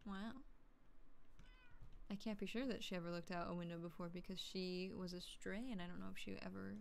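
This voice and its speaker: A woman's voice: on the low side, steady tone, brisk, gravelly, slight background noise. A woman, streaming a game and chatting casually in a crude, jokey way, humming and muttering to herself as she plays. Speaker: gaming streamer. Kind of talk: casual gameplay commentary.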